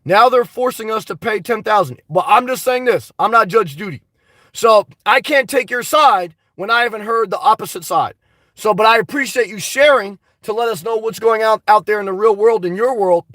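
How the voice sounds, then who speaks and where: A boisterous man talks straight into a close mic on his live stream, reading comments out and answering them bluntly with plenty of swearing. His voice sits high for a man and sounds a touch congested, and the sound is dry with no room echo. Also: moderate pace, bright, forceful tone. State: slightly congested. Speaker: vlogger reading live chat. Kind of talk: casual live-stream chat.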